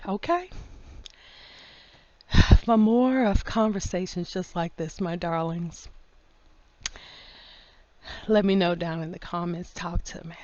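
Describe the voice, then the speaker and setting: A woman in a casual opinion monologue, folksy and full of endearments, laughing often and getting loud when worked up. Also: on the low side, takes it slowly, long pauses, no room sound, muffled recording. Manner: folksy, drawls endearments like honey and baby. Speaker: vlogger.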